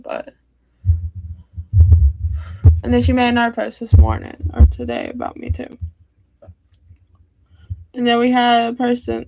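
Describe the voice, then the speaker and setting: Teen girl streamer venting in a hurt ramble; slightly high voice with vocal fry. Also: darkish tone, dry recording. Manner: hurt, rambling, many fillers and restarts. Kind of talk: upset personal livestream talk.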